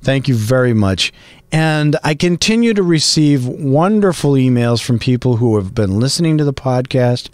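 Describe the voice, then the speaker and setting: A middle-aged man hosting a podcast, talking in a chatty, rambling, animated way. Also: mid-range voice, normal speed, no echo, clean studio sound. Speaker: podcast host and voice actor. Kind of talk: casual podcast monologue.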